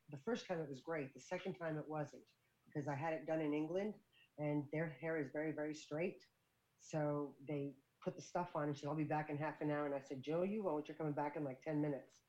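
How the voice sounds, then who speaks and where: A woman's voice: sits low, darkish tone. An older woman in casual chat, telling a rambling anecdote. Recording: dull lo-fi sound.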